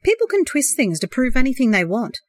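A woman reading the lines of a calm young man who firmly refuses to argue any further. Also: high-pitched, fairly quick, dry recording, studio quality, voice pushed up. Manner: quiet, firm, curt.

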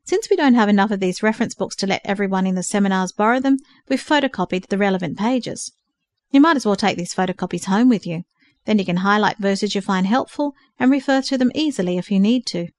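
A woman's voice: mid-range voice, quick pace, dry recording, natural voice. A woman reading the part of a patient older male mentor who carefully explains study books. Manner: careful explaining, gently instructive.

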